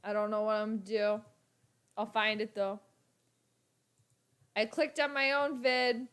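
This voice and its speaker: A woman hosting a casual sports livestream, talking chattily to her viewers in an animated way. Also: a little high, unhurried, pauses often, smooth. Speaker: sports channel host.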